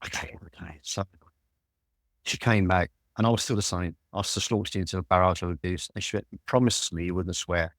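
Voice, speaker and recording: A London man in his sixties telling lively stories as a guest in an interview, swearing freely. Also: sits low, a little fast, no echo, clean studio sound. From Walthamstow, London.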